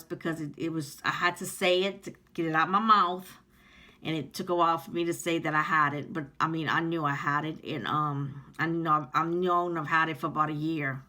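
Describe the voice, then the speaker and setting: A heartfelt woman speaks straight to her viewers in a personal vlog. Her voice sits a little low yet sounds bright and forceful, and she rambles with frequent ums. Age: 50s. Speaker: vlogger. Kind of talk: personal vlog talking to camera.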